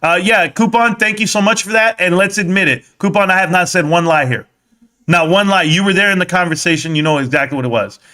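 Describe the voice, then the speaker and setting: A man with a high, bright, forceful voice hosts a live stream about stocks. He sounds heated and combative, firing back at people in his chat. His delivery is punchy and confrontational throughout. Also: fast.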